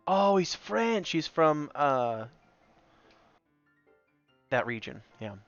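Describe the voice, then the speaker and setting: A man's voice: fairly high pitch, very animated, drawn-out words, pauses often, dry recording. A man casually joking his way through a video game as let's play host, in a slightly muffled recording with faint game music behind. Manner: joking, playful, chatty. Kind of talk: casual gameplay commentary.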